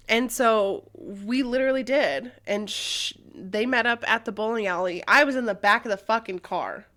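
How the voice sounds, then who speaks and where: A woman's voice: fairly high pitch, a bit bright. Candid, profane young woman telling a story. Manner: candid and profane, with many fillers. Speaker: podcast co-host.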